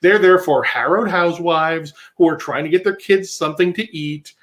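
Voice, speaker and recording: A man with a fairly high voice rants sarcastically as he riffs on a clip for a livestream. His delivery is mocking and loose, and he slips into impressions of other people. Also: normal speed, fairly bright tone. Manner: sarcastic, ranting, acts out voices. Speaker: livestream co-host. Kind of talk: mocking comedic commentary.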